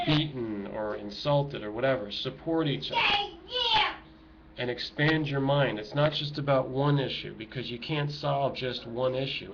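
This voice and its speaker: A middle-aged man speaking emotionally and urgently to his viewers from home, preaching in an impassioned monologue. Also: medium pitch. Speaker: activist vlogger. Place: home with children nearby. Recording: dull lo-fi home recording with noise.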